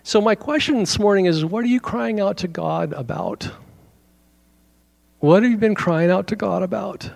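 Animated man preaching a lively sermon. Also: high voice, normal speed, creaky. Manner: animated, conversational preaching with asides and laughs. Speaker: pastor.

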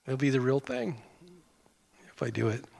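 Folksy preacher in an echoing church. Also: male voice, mid-range voice, very animated, normal speed, vocal fry, a little mellow, husky. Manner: folksy, conversational, self-deprecating humor. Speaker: pastor. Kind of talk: sermon. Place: church sanctuary. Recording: long hall reverb.

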